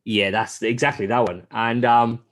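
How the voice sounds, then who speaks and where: A man hosting a podcast, telling a game's story in casual chat, swearing often and mimicking characters. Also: normal speed. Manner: animated storytelling, heavy swearing; acts out character lines in a high voice. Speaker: podcast host.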